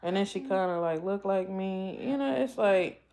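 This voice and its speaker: A woman vlogger in emotional casual talk, halting and tearful, often repeating herself as she speaks. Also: medium pitch, dark tone, a little hiss or hum. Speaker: vlogger host.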